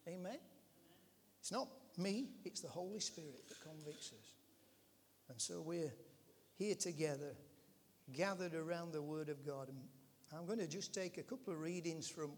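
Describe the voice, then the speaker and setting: A man preaches slowly and deliberately from the pulpit, his voice sitting high for a man. He leans into emphatic lines and keeps checking in with the congregation. The sound rings out with a long reverb from a large church room. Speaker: pastor. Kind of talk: sermon.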